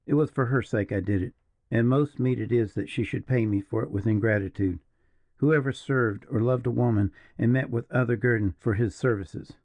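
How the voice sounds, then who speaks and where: A man voicing a grave, brooding partisan officer in an audiobook, speaking slowly and in a measured, mournful way. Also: mid-range voice, a little mellow, no room sound, close to an everyday voice. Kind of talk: audiobook character reading.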